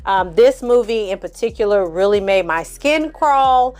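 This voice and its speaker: A woman's voice: mid-range voice, lively intonation, measured pace, a little mellow, smooth. Profane, exasperated woman recapping a film. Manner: blunt, profane, exasperated storytelling with acted-out quotes. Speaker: film review host. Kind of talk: casual movie recap.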